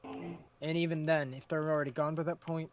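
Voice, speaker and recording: A man in character in a role-play, talking through plans and telling a story in a measured, deliberate way. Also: on the high side, little pitch movement.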